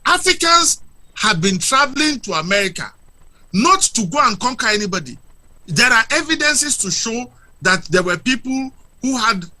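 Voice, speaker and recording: Very bright, high, animated male speaker. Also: normal speed. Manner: emphatic, lecturing, rhetorical questions. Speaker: guest speaker. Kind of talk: impassioned argument on a talk show.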